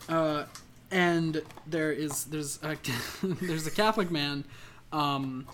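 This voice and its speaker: A man's voice: fairly high pitch, slow pace, fairly bright tone, slight background noise. A man co-hosting a podcast in casual comedic chat, laughing often and swearing freely as he acts out silly scenes. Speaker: podcast co-host.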